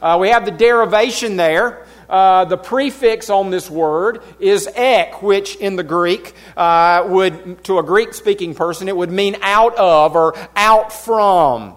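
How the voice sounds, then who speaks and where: High-voiced Southern US man teaching the Bible. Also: takes it slowly, hardly any pauses. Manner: folksy, self-deprecating asides.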